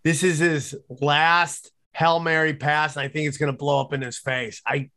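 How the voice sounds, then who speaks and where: A man's voice: fairly high pitch, level tone, moderate pace, sharp tone. A man co-hosting a finance talk show, blunt, profane and opinionated. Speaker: co-host. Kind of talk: casual podcast chat.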